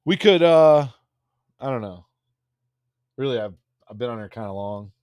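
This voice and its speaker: A man's voice: medium pitch, animated, moderate pace, a little mellow, clear, resonant tone, dry recording. A man hosting a casual livestream, rambling crudely and reading out viewer comments. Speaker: livestream host.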